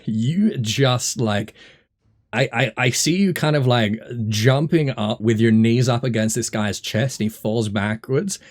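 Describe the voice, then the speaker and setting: A man's voice: medium pitch, unhurried. A man narrating as dungeon master over a voice call, describing the scene with many fillers and restarts. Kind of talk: narrating a tabletop game.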